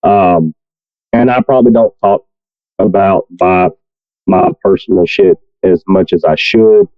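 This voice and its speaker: A man's voice: sits low, fairly even intonation, unhurried, narrow, tinny audio. A man co-hosting a podcast in casual chat, blunt and profane, often poking fun at himself. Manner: blunt, profane, self-deprecating. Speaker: podcast co-host.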